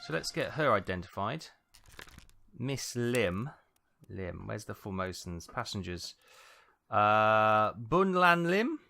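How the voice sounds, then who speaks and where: A man's voice: lowish voice, slow, vocal fry, pushed and bright. A man giving casual let's-play commentary, chatty and thinking aloud. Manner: chatty, muttering to himself as he thinks. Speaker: gaming video host. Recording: game music playing underneath.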